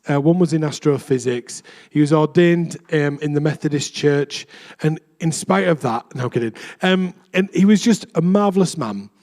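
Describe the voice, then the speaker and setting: A man's voice: on the high side, darkish tone. A young adult man, a vicar, preaching a chatty, self-deprecating sermon in a church.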